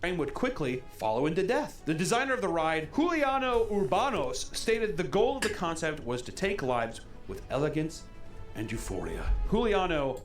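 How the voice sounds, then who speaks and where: A young man hosts a reaction video, his pitch swinging lively as he reads facts and cracks jokes. A little music sits faintly under his voice. He talks in a loose, casual way and swears now and then. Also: moderate pace. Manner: reads list aloud, jokey asides, swears.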